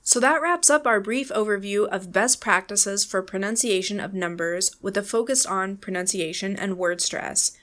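A woman with an American accent co-hosting an English-learning podcast, reading a scripted pronunciation lesson and saying example words slowly and repeatedly. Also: medium pitch, fairly bright tone. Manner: clear, deliberate, demonstrates words by repeating them slowly. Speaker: podcast co-host, English teacher.

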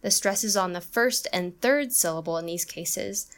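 A woman co-hosting an English-learning podcast, reading a scripted lesson and slowing down to model each sound. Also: medium pitch. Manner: careful, explanatory, slows down on example sounds. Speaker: podcast co-host, English teacher.

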